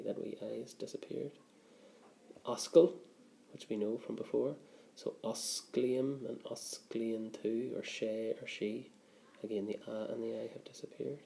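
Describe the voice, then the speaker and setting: A man's voice: lowish voice, creaky, warm tone, a little hiss or hum. A man who teaches a grammar lesson patiently, step by step, often checking in with "okay". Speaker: Irish language teacher.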